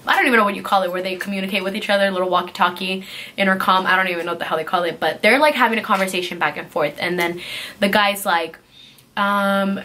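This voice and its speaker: A young woman vlogger telling a casual storytime in an animated way, filling her speech with "like" and acting out what people said. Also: medium pitch, quick pace. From California. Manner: animated, heavy use of "like", acts out quotes.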